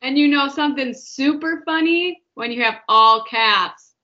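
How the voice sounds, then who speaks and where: A woman in her twenties hosts a podcast in a casual, chatty way, giggling and saying "like" a lot. Her voice sits high and comes out pushed and bright at an unhurried pace, and the lo-fi podcast audio sounds dull.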